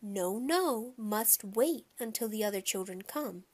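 A woman's voice: medium pitch, animated, measured pace, darkish tone, husky. A woman voicing a firm but indulgent grandmother.

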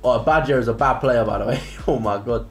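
A young man giving excitable live gameplay commentary, bursting into shouts and repeated cheers. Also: medium pitch, a little fast. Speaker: gaming creator. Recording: roomy echo with faint music.

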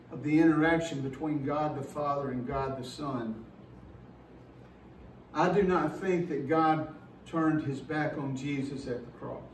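A pastor preaching a sermon in an earnest, emphatic way, slowing down and repeating words as he builds a point. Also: on the high side, echoey room, far from the mic, slight background noise, poor audio.

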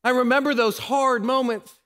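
A man's voice: very high voice, fairly even intonation, normal speed, a bit bright. A married man preaching a sermon as pastor, earnest and emotional, asking his listeners hard rhetorical questions. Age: adult, married. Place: church sanctuary. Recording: long church hall reverb.

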